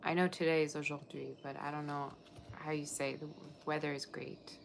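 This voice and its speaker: Low, gravelly-voiced woman reading tarot. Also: little pitch movement, normal speed, slight background noise. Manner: chatty, rambling, answers chat comments. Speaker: tarot reader. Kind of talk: live tarot reading for viewers.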